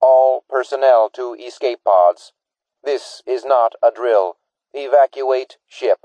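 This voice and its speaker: A man voicing a dispassionate shipboard computer announcing an evacuation in a slow, flat way. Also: mid-range voice, dry recording, lo-fi sound, voice pushed up, lightly acted. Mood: alarm.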